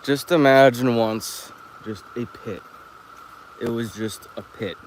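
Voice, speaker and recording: A man's voice: medium pitch, slow pace, a little hiss or hum. Rambling, cursing man vlogging outdoors. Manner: profane, chatty storytelling. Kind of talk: casual rambling walk-and-talk. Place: outdoors, walking around an open lot.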